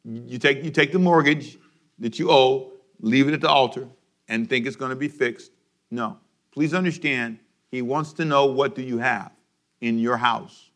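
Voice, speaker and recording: A man preaching a sermon for a daily radio program, animated, and having his congregation repeat lines after him. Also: mid-range voice, normal speed. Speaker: pastor.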